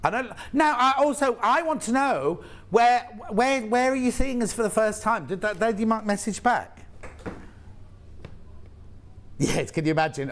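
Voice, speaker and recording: A man's voice: very high voice, lively intonation, normal speed. A man presenting on a live TV shopping channel in a TV studio, chatting and rambling with jokey asides while he sells. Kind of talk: live TV sales chat.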